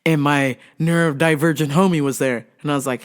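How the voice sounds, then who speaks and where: A woman's voice: deep voice, a little fast, hardly any pauses. A woman hosting a casual podcast, telling a story with lots of swearing and laughter. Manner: profane, animated storytelling, laughs often, drops to a whisper for calm quotes. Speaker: podcast host.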